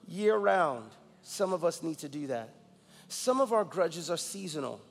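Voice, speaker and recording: A man's voice: fairly high pitch, lively intonation, measured pace, vocal fry, breathy edge, long reverb tail. A man in his forties from New York, a guest pastor preaching a sermon with emphatic personal storytelling. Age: 40s.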